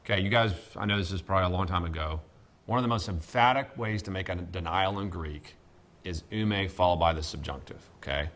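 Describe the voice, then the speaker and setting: A man teaching a classroom Greek lesson, speaking deliberately with many pauses and fillers. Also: low-pitched, fairly bright tone. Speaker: seminary professor.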